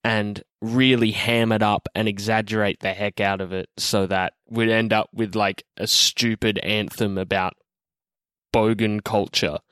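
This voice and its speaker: Laid-back Australian man, smooth and dry. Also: lowish voice, little pitch movement, moderate pace, hardly any pauses, fairly bright tone, no echo. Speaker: band member. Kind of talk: recorded message about a song.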